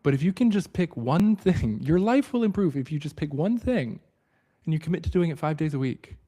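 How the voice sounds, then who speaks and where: A man hosting a livestream book study, talking in an earnest, reflective way and often dropping to a soft, low voice. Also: expressive, fairly quick.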